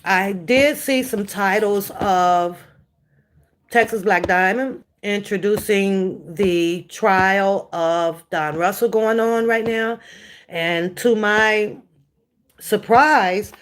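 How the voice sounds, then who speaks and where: Slow-talking chatty woman streamer. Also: mid-range voice. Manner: chatty, reads and answers viewer comments. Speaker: commentary streamer. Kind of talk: casual live-stream chat.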